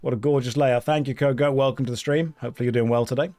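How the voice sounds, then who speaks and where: A man live-streaming an online game, chatting casually with his viewers and joking in a deadpan way while reading their messages aloud. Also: medium pitch, racing, no room sound, clean studio sound.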